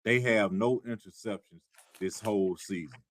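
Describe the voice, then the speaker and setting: A man's voice: lowish voice, normal speed, dry recording. A man co-hosting a live sports talk show who rants in a wry, exasperated way with dry humor. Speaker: show co-host.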